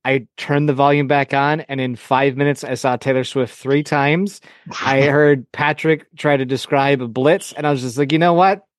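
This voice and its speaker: A man's voice: mid-range voice, flat delivery, normal speed, no echo. Podcast guest guy ranting, swears a ton, dry close sound. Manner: blunt, swears a lot, ranting. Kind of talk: casual chat.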